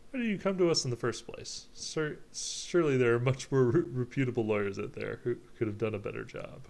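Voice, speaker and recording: A man reading the part of an excitable young male bird assistant to a lawyer in a video game, blunt and teasing. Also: medium pitch, fairly quick, creaky, natural voice. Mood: incredulous.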